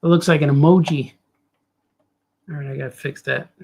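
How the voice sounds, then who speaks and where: A man's voice: fairly high pitch, fairly even intonation, moderate pace, gravelly, darkish tone. A man cartoonist chatting casually and thinking aloud as he draws, rambling and cracking jokes. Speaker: cartoonist drawing on a show. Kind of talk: casual commentary while drawing.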